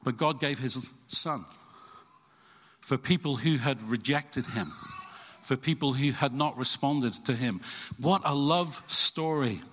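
A man's voice: mid-range voice, unhurried, a bit bright. A middle-aged man preaching an earnest, emphatic sermon as pastor at a church service. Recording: reverberant church hall.

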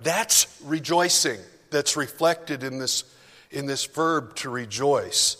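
A man's voice: mid-range voice, takes it slowly, sharp tone. Man preaching in a reverberant hall. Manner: chatty, self-deprecating, with frequent asides. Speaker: pastor. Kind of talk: conversational sermon.

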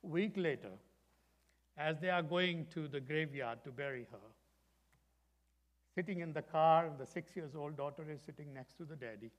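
An older man preaching a sermon as pastor, dramatic and storytelling, dropping from loud emphasis to hushed whispers. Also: a little high, normal speed, pauses often. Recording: long echoing hall reverb.

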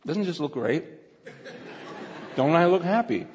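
Middle-aged male pastor, chatty preaching between bites; slightly high voice, muffled recording in a reverberant hall. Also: expressive, a little slow, background noise. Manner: chatty, laughing, talks with his mouth full. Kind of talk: casual sermon filmed at a meal. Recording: dull sound with long hall reverb.

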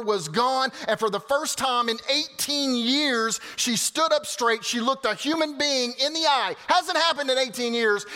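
A male pastor preaching a sermon, swinging from loud exclamations to quiet, casual asides. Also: very high voice. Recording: hall reverb.

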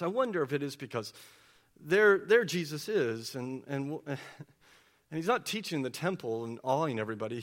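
A man preaching a sermon, asking the congregation rhetorical questions and swinging between hushed and loud delivery. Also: mid-range voice. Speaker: pastor.

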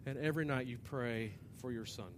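A man preaching a sermon in a church, animated, acting out voices and swinging from loud to hushed. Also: mid-range voice, brisk, slight background noise. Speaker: pastor. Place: church hall with an audience.

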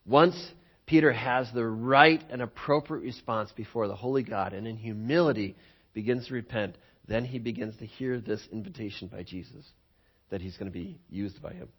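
A man preaching a sermon as a pastor, telling stories in an animated way and often repeating words, on a dull lo-fi recording. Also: lowish voice, moderate pace, breathy edge.

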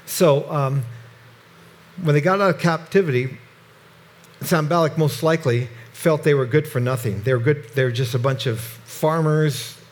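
A middle-aged man teaching through a Bible chapter verse by verse in a conversational, halting way with frequent restarts. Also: a little high.

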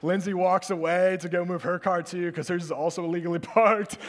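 A young man preaches in a loose, storytelling way, chuckling often and filling pauses with ums and uhs. His voice sits a bit high for a man, and a long reverb trails each phrase as if he is in a big hall. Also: steady tone, noisy background. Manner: conversational storytelling, laughing often, many fillers. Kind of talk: sermon with a personal story.

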